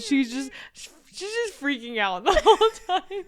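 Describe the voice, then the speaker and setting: A woman's voice: sits high, sing-song, unhurried, few pauses. A young woman co-hosting a podcast, telling a funny story in casual chat, laughing often and swearing freely. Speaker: podcast co-host.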